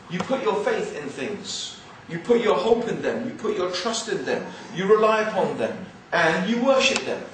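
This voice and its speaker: An English man with a mix of upper-class and East London accents gives an animated, joking religious lecture to an audience. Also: high voice, slight background noise. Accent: English, mixed with East London. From England. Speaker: Islamic speaker. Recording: very echoey hall, mic far off.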